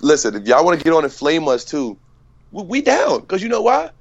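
A man's voice: on the high side, huge pitch swings, a little fast, gravelly, muffled recording, a little hiss or hum. A man co-hosting a casual online stream, loose and joking, swearing freely. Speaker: co-host.

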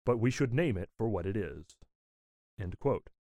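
A man reading a written nonfiction text aloud in a measured, deliberate way, speaking the citations and quote marks as he goes. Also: fairly low pitch, animated, warm tone, no echo, muffled recording.

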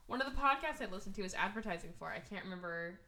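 A woman's voice: medium pitch, lively intonation, rapid-fire, sharp tone. A woman co-hosting a movie podcast in casual chat, sarcastic and profane. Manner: profane, sarcastic, acts out characters. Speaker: podcast co-host.

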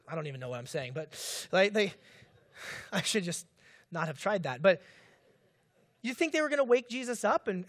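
A male pastor preaching a sermon who asks the congregation questions and acts out the cries of the people in the story. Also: high-pitched.

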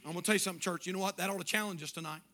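A man's voice: sits high, steady tone, very fast, very noisy. A man preaching an evening church sermon, reading scripture aloud and driving home repeated refrains with emphasis.

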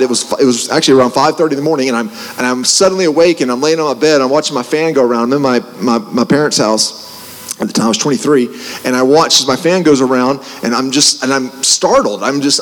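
A man preaching, telling a personal testimony in an animated way, with restarts and joking asides. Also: mid-range voice. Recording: long hall reverb.

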